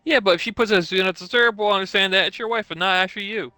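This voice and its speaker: A man's voice: high-pitched, very fast, pushed and bright, no echo. A man joining a friend's stream over game voice chat, teasing and joking casually.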